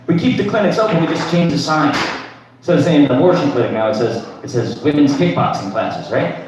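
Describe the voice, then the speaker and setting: A man's voice: a little high, lively intonation, fast talker, lo-fi sound, crowd noise. A man in his thirties doing crude, rambling open mic stand-up, tagging lines with "right?". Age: 30s. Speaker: stand-up comedian. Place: comedy club stage. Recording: echoey room from far off.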